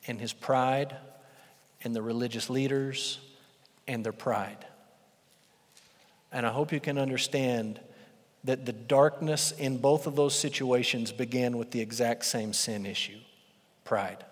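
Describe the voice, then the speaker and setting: Pastor preaching in a reverberant sanctuary, animated storyteller, man. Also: mid-range voice, a little slow, long pauses. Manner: animated storytelling, swings from loud to hushed. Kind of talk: sermon. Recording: long hall reverb.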